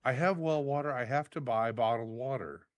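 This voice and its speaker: A man co-hosting a casual wrestling chat, giving short dry replies and sometimes cracking high. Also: moderate pace. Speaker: podcast co-host.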